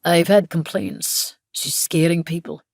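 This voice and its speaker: A woman's voice: lowish voice, fairly even intonation, a little slow, vocal fry, a little mellow, no room sound, clean studio sound. A woman reading the lines of a bold, persistent male police chief who talks wryly. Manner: wry, persistent.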